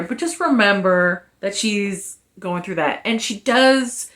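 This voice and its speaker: Woman, casual book review, chatty, slangy, frank, animated, middle-pitched voice. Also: slow.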